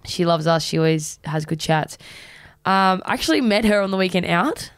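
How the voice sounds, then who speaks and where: A young Australian woman co-hosts a podcast from a studio, telling an animated story and acting out the voices she quotes. Her voice sits low, with a gravelly edge. The sound is dry and close to the mic. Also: normal speed, no echo. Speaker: podcast co-host. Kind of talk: casual chat.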